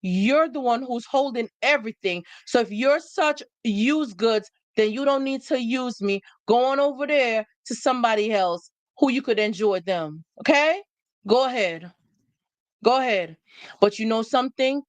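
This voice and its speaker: A woman's voice: on the high side, lively intonation, moderate pace, no room sound. A woman hosting a live stream, talking in an emphatic, preachy way and repeating phrases for effect. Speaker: livestream host. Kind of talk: motivational live talk to viewers.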